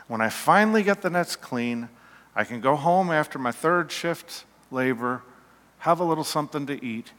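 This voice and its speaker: A man preaching a sermon slowly and emphatically, his voice falling to a hush at key points, in a church. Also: a little high. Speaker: pastor. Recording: long reverb of a hall.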